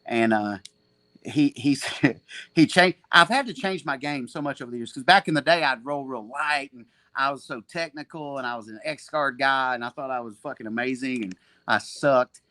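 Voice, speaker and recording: A man's voice: medium pitch, moderate pace, sharp tone, dry recording. A man in his forties, a jiu-jitsu gym owner guesting on a podcast, telling stories in a profane, rambling, self-mocking way. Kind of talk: casual storytelling.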